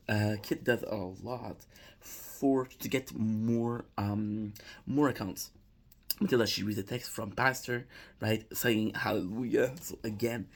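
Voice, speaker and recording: Rambling man recapping a video, husky. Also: medium pitch. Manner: rambling, repeats "right?", frequent restarts and laughs. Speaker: commentator recapping a prank call video. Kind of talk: casual reaction commentary.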